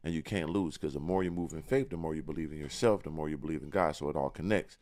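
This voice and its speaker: Fast-talking deep-voiced confident man. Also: darkish tone. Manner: confident, boastful, streetwise slang. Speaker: podcast guest, rapper. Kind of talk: casual interview talk.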